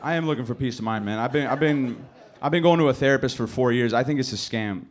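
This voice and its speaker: A man's voice: medium pitch, fast, over loud music. Guy rambling thru a standup bit, says like a lot, kinda anxious, medium voice. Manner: rambling, filler-heavy, anxious telling. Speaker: stand-up comedian. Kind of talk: stand-up comedy set. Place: comedy club stage.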